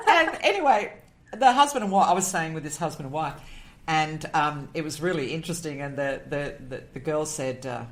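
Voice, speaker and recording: A woman with a fairly low voice talks earnestly as an interview guest. She often poses rhetorical questions and moves into stories. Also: lively intonation, a little fast. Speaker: guest, animal communicator. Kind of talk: interview conversation.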